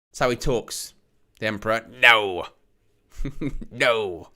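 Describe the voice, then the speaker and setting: A man hosting a live football watch-along, giving excitable play-by-play between jokey chat with viewers, laughing often and rising to shouts at near-misses. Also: mid-range voice, unhurried, long pauses.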